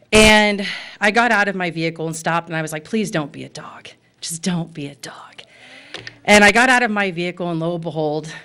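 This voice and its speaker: A woman's voice: on the low side, fairly bright tone, clean tone. An American woman and pet store owner speaking at a city commission meeting, impassioned and emotional, with frequent fillers. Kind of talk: public comment at a city meeting.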